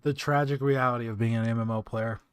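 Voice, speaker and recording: A man on a casual livestream, mocking a video he is reacting to with sarcastic asides. His voice sits at a middle pitch. The sound is dry and close to the mic. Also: fairly even intonation, fast talker, clean tone, no room sound. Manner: sarcastic, joking, talks back to the video. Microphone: close desk mic.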